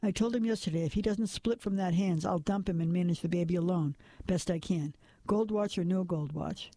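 Young barmaid as a man reads her, tearful, defiant, high, mellow. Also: a little fast, dry recording. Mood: tense, defiant.

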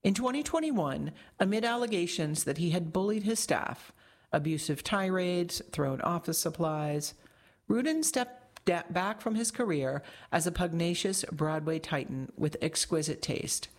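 A woman narrating a long magazine feature as scripted narration, measured and articulate. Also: lowish voice, lively intonation.

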